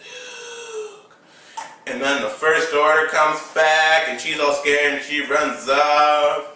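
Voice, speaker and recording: A man's voice: a little high, little pitch movement, a little slow, sharp tone, heavy reverb, far from the mic, rough recording. A man casually recapping a film with toy figures, rambling with lots of fillers.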